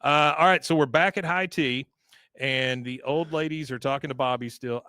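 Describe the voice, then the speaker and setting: A man's voice: mid-range voice, moderate pace, bright, forceful tone, clear, resonant tone, no room sound. Chatty man recapping a cartoon episode. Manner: retells scenes, quoting lines in put-on voices. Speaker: podcast co-host recapping an episode. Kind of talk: casual chat.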